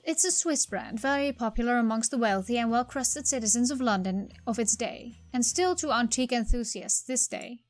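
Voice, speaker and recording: A woman voicing a polite male antiques expert in a game, courteous and measured. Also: a little high, faint music behind, lightly acted. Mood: informative.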